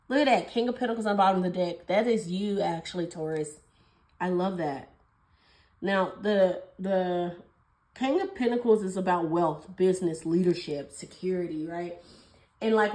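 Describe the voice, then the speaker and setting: Fast, gushing woman tarot reader. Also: fairly low pitch, a little mellow, reverberant, low-quality recording. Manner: fast, gushing and affectionate, calls viewers babies and honey. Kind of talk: casual tarot reading to camera.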